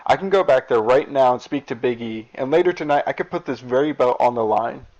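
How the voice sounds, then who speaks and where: A man's voice: mid-range voice, expressive, a little fast, a little mellow, lightly acted. A man voicing a proud male wrestling champion giving a grandstanding promo speech. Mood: polite. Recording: dull lo-fi recording.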